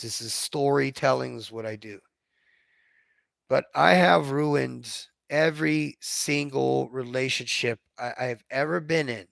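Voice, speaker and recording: Gravelly blunt man telling stories. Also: medium pitch, fairly bright tone, no echo. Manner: blunt, profane, self-described robotic delivery. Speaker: vlogger. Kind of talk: casual storytelling monologue.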